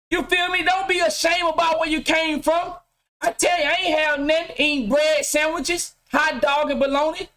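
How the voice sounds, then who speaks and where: Middle-aged man, high voice, blunt preachy vlog rant from his home game room, swears a lot. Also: sharp tone. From Mississippi. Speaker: vlogger. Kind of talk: casual profane rant to camera.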